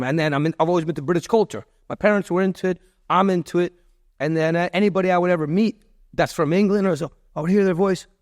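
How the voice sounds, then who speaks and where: Guest, 50s, fairly high voice, loose rambling storyteller, dry close sound. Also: male voice, no room sound. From Miami, USA. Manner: loose, repetitive, with many restarts and fillers. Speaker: podcast guest.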